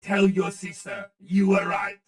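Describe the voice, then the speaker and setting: A man voicing a menacing, commanding armored villain, with reverb from his audio setup on a slow, gravelly, booming delivery. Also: flat delivery.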